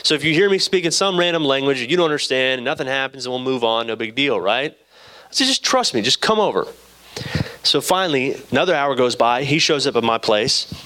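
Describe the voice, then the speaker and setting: A man's voice: mid-range voice, brisk, bright, forceful tone. Casual young male preacher telling a story. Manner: casual storytelling, acts out dialogue. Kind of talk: sermon with personal story.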